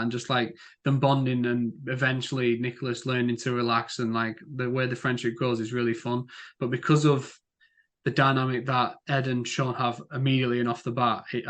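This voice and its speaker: A man's voice: medium pitch, a bit bright. A young man co-hosting a casual film podcast, rambling with lots of fillers. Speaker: podcast co-host. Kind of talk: casual film-review chat.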